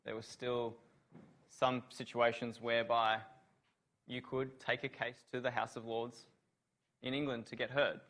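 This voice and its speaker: A man's voice: medium pitch, little pitch movement, a little slow, pauses often, a bit bright. A man giving a university revision lecture on law, asking students questions and praising their answers.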